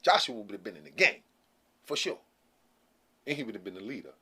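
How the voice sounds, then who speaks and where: A middle-aged man talking straight to camera in a casual opinion rant, animated and repetitive, with laughing asides. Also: lowish voice, brisk, background noise. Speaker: vlogger.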